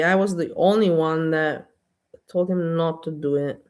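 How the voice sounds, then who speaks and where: A woman's voice: low voice, steady tone, a little slow, a little mellow. Blunt ranting woman vlogger. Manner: blunt, exasperated, repetitive. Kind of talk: casual ranting monologue.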